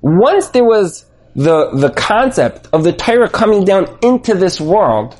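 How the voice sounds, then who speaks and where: A man's voice: high-pitched, measured pace. A man giving a Torah lesson on the weekly portion, telling the story animatedly and thinking aloud with restarts. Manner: animated storytelling, acts out dialogue. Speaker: Torah teacher.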